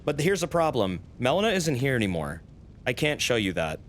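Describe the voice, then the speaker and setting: A man's voice: medium pitch, sing-song, brisk, a little hiss or hum. A man streaming a game, casually chatting, reacting and explaining it to viewers. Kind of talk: casual gameplay commentary. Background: game music.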